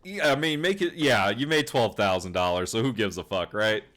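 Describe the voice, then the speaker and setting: A man's voice: fairly low pitch, moderate pace, fairly bright tone. A man chatting casually with friends, teasing and swearing. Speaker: regular player on a tabletop game stream. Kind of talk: casual chat.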